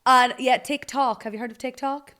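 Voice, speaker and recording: A woman hosting a casual interview, chatty and encouraging with quick asides. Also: high voice, steady tone, bright, forceful tone, clear, resonant tone. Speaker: podcast host.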